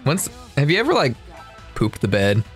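A man's voice: mid-range voice, huge pitch swings, normal speed, faint music behind. A young man co-hosting a gaming channel, cracking goofy jokes into his desk mic while playing. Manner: goofy, silly jokes, giggles. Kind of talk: casual chat while gaming. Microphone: own desk mic.

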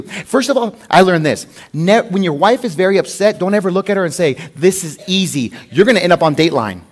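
A man's voice: high-pitched, quick pace, hardly any pauses. A man preaching a sermon as pastor, mixing scripture reading with conversational, humorous personal stories. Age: adult with a wife. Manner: conversational, animated storytelling with humor.

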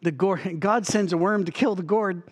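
High-voiced pastor telling a lively sermon. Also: male voice, normal speed, husky. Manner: lively storytelling, acts out voices, chuckles often. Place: church.

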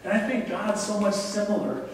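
A man's voice: high-pitched, lively intonation, moderate pace. A man in his forties giving a conversational sermon as a guest preacher, repeating key lines and pleading with the congregation. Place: large church sanctuary. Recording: echoey hall from far off, faint noise.

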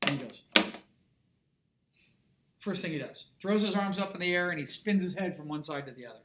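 A man's voice: fairly high pitch, expressive, brisk, a bit bright, slight background noise. A middle-aged man, an art instructor, giving a classroom lecture in an emphatic, conversational way and checking in with his students often.

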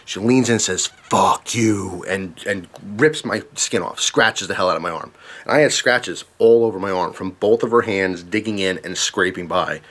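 A man's voice: low-pitched, moderate pace, a bit bright. A man casually telling a story to camera, earnest and emphatic, repeating himself when tense.

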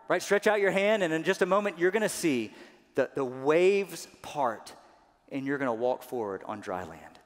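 A man preaching a sermon as pastor, animated, often acting out quoted voices louder and higher. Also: normal speed. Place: church sanctuary. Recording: church sanctuary with long reverb.

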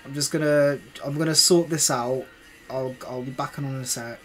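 Swearing gamer ranting on stream. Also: male voice, medium pitch, steady tone, normal speed, faint music behind. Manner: swears a lot, exasperated ranting, talks to himself. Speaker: gaming live streamer. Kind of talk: casual live-stream commentary.

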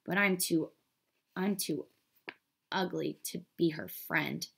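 A woman's voice: on the low side, fairly even intonation, takes it slowly, gravelly, a bit bright, slightly rough, heavily acted. A woman reading a storybook aloud, voicing a small, lonely, clumsy duckling who speaks plaintively. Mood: sad, wistful. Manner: plaintive and wistful. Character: small, sad, clumsy young male duckling.

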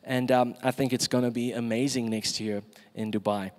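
A man's voice: mid-range voice, steady tone, normal speed, big-room sound. A man preaching a sermon in a church, emphatic and asking the congregation questions.

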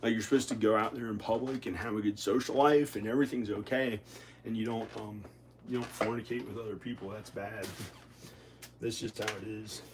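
A man rambling in a casual vlog in his home kitchen, halting and repeating himself. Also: fairly low pitch, fairly even intonation, noisy background. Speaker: vlogger.

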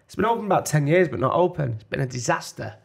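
A man's voice: fairly high pitch, sing-song, quick pace, vocal fry. A man co-hosting a casual podcast, joking around and chatting. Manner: jokey, shouts silly catchphrases. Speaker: podcast co-host. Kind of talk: casual chat.

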